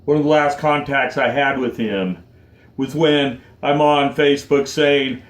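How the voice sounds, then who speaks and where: A man in his forties speaking in a heartfelt, confessional vlog, choked up and close to tears. He talks very slowly with halting pauses at a middling pitch. His voice rings in a noticeably echoey room. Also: steady tone. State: choked up, tearful. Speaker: vlogger.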